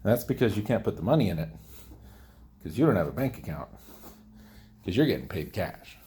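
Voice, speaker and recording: A DIY builder host with a low, mellow voice talks briskly with big pitch swings, over a slight hiss or hum. He chats bluntly while building, rambles off into stories, speaks his mind, and jokes about himself.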